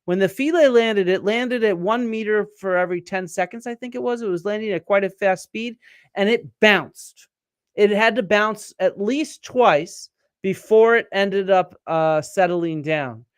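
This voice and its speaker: A man's voice: sits high, unhurried, clear, resonant tone, no echo, studio quality. A middle-aged man hosting a live-stream science show, explaining and quizzing viewers from their comments, with many fillers and restarts. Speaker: archaeologist and show host.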